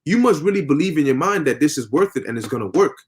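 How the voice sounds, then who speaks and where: A man's voice: fairly high pitch, expressive, fast talker. A man in a casual religious discussion who quotes scripture and acts out other people's voices.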